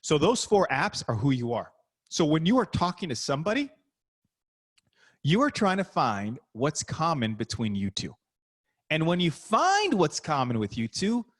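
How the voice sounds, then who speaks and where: A middle-aged man, a basketball coach, giving an energetic, punchy motivational talk over a video call. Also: mid-range voice.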